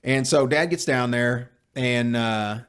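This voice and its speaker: A man's voice: mid-range voice, takes it slowly, clean tone. A man, telling a long story on a casual podcast, swearing freely and acting out the other people in it. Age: 40s. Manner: profane, animated storyteller. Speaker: podcast host.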